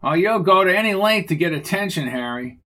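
A man reading the lines of a steady, cautious male colleague in a measured tone. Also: high voice, pitched above the performer's own voice. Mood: calm reasoning.

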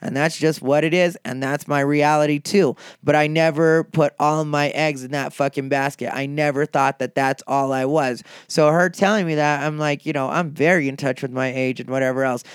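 A middle-aged stand-up comedian talking in a casual, profane and combative monologue. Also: male voice, on the high side, fairly even intonation, normal speed, few pauses, clean tone, dry recording, studio quality.

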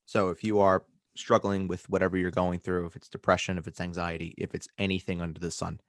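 A man hosting a casual podcast, an animated storyteller who swears freely. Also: sits low, fairly quick, dry recording, studio quality. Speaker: podcast host.

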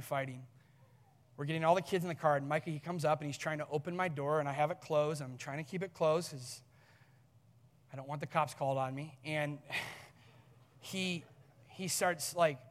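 A man preaching as a pastor, telling a story from his own family life with earnest warmth and laughing at himself. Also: on the high side, fairly even intonation, brisk. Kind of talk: sermon with personal story. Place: large church hall. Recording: long church hall reverb.

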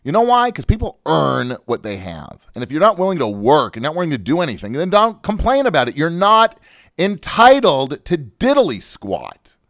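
Lively, fired-up male radio host. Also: on the high side, fairly quick, few pauses, no echo, studio quality. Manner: fired-up, joking and emphatic. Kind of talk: comic talk-radio rant. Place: radio studio.

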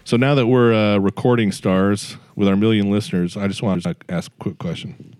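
A man's voice: on the low side, fairly even intonation, a little fast, darkish tone, smooth, no room sound. A man hosting a podcast in casual banter, folksy and joking about himself. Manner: folksy, joking, self-deprecating. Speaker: podcast host.

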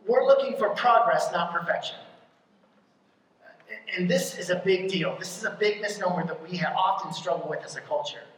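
A pastor giving a conversational sermon, often checking in with the congregation with a quick question, and punching key lines hard. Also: mid-range voice, fairly bright tone. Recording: very echoey hall, mic from far off.

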